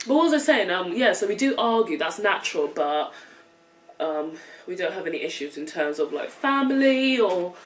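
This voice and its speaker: A young woman with an English accent talks casually to her camera while she eats, with a lower voice for a woman. She rambles with lots of fillers and breaks into laughter. The voice sits a little back from the camera mic. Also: sing-song, normal speed, far from the mic, poor audio. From England. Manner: chatty, filler-heavy, laughs often. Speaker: vlogger. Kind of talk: casual chat while eating.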